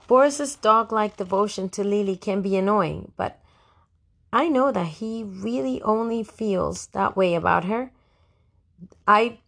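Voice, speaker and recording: A woman's voice: medium pitch, creaky. A woman narrating an audiobook as a first-person diary, in a wry, fussy teenage diarist tone.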